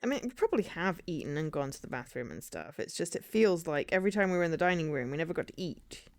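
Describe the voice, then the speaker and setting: A woman streamer giving chatty, animated let's-play commentary and reading game text aloud. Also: on the low side, fast talker. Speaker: streamer playing a visual novel.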